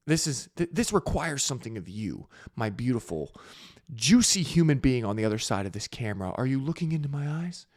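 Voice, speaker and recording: A man's voice: medium pitch, very animated, fairly quick. A man hosting a casual crypto show to camera, playful and teasing, with mock-sultry asides, on a studio microphone. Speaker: host.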